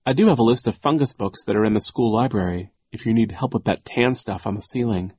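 A man's voice: on the low side, fast talker, a little mellow, husky. A man voicing a keen young boy who takes notes on everything, in a storybook reading. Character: boy orphan, eager note-taker.

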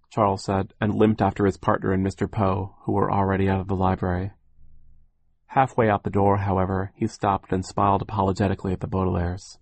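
A man's voice: sits low, completely flat delivery, brisk, creaky, darkish tone, dry recording. A man narrating an audiobook in a wry, mournful storytelling manner.

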